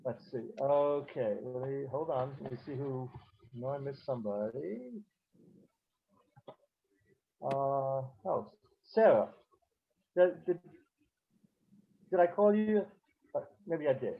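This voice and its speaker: A man teaching a beginner class over a video call, talking haltingly with many fillers and restarts. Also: medium pitch, animated, vocal fry. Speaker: Hebrew teacher. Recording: dull lo-fi call audio.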